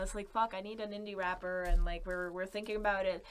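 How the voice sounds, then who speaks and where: A woman's voice: medium pitch, quick pace, hardly any pauses, clean tone. Chatty, giggly woman cohost. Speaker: podcast cohost. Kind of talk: casual podcast chat.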